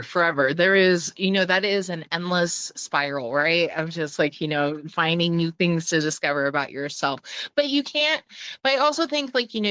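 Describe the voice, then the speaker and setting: A woman's voice: on the low side, pushed and bright, no echo, muffled recording. A woman talking as a podcast guest in casual conversation, chatty and full of fillers, with the odd swear. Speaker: podcast guest, clowning teacher.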